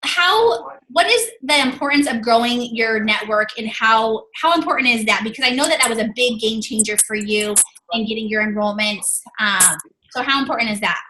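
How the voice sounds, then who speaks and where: A woman's voice: a little high, expressive, moderate pace, bright, forceful tone, roomy sound, low-quality recording. A woman hosting a team video call, gushing and effusive with lots of fillers.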